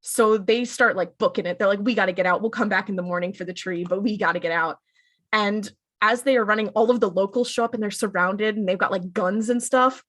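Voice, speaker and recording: A woman co-hosting a casual podcast, recapping an episode in a loose, chatty way. She slips into quick paraphrased lines for each character without fully acting them. Her voice sits at an ordinary middle pitch. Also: fairly bright tone. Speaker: podcast co-host.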